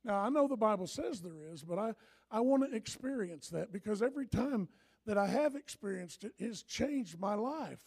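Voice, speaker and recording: An older man preaching a sermon as pastor, telling stories and swinging from hushed asides to loud urging. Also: high-pitched, expressive, moderate pace, vocal fry, slightly rough.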